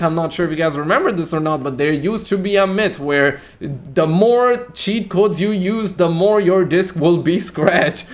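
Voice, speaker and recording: A young man giving casual, excitable reaction commentary on gaming news, full of slang and mock outrage. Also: on the high side.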